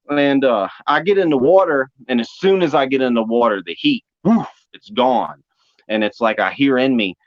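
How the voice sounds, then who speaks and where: Man telling an animated testimony story. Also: medium pitch, normal speed, no echo. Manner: animated, acts out quotes. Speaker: speaker giving testimony. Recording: dry, dull lo-fi audio.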